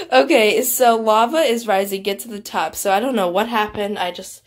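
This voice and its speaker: A female YouTuber giving casual gameplay commentary, excitable and giggly, gasping and chatting straight to her viewers. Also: medium pitch. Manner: excitable and giggly, gasps and squeals; chatty, speaks directly to viewers. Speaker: gaming YouTuber.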